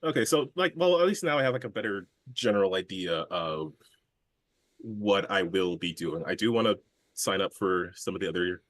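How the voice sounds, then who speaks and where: A man's voice: low-pitched, animated, normal speed, fairly bright tone, no room sound. A man from Canada in a casual group chat, hesitant and thinking aloud about his plans. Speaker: podcast regular.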